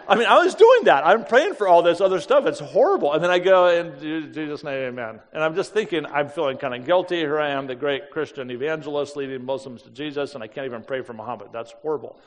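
A man, an evangelist, telling a story in a lively, self-deprecating, conversational way and acting out the voices of the people in it. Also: a little high, long reverb tail. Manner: animated, acts out the voices of people in his story. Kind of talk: storytelling to an audience.

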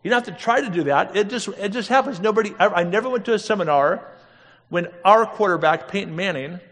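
Animated preacher, man, echoing hall. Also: high-pitched, fast. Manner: animated, laughing storyteller with rhetorical questions. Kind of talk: storytelling sermon. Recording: long reverb of a big hall.

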